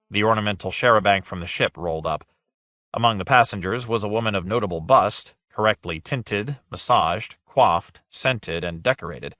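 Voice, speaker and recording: A man narrating an audiobook in a clear, expressive reading. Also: low voice, moderate pace, no echo, studio quality. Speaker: audiobook reader. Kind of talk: scripted narration.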